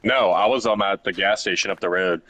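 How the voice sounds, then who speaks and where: A man's voice: low voice, fairly quick, pushed and bright, no echo. A young man telling a crude, rambling story during a casual chat while gaming. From Ohio.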